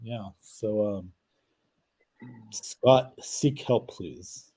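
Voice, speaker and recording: Male podcast host, casual chatter, mellow dark tone, lots of hesitant restarts. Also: lowish voice, extremely slow, breathy edge. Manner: rambling, hesitant, trailing off often. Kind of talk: casual wrestling chat.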